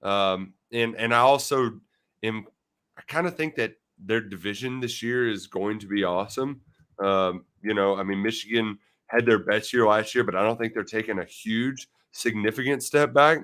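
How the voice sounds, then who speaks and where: A man's voice: fairly low pitch, moderate pace, a bit bright. A man co-hosting a podcast in casual sports betting chat, with playful, jokey, self-mocking banter. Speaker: podcast co-host.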